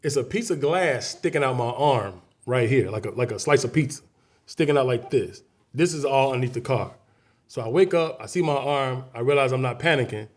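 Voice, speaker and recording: A man's voice: mid-range voice, expressive, a little fast. A man from Chicago, a guest comedian, telling a story in a casual interview, acting out scenes and voices vividly.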